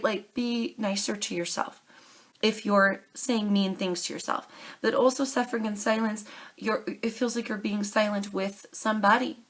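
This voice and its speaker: A young adult woman doing a tarot reading to camera, earnest and pleading, calling her listeners darling and baby. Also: fairly high pitch. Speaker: tarot reader.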